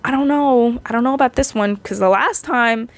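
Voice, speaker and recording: A woman's voice: on the high side, moderate pace, close to an everyday voice. Weary, stern fairy queen, brushing things off, voiced by a woman recapping. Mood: dismissive.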